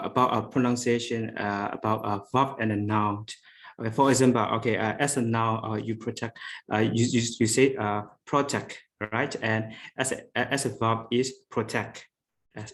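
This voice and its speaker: A man, a teacher trainee in an online class discussion on a video call, speaking hesitantly with many fillers and slowing down on key words. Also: lowish voice, level tone, a bit bright.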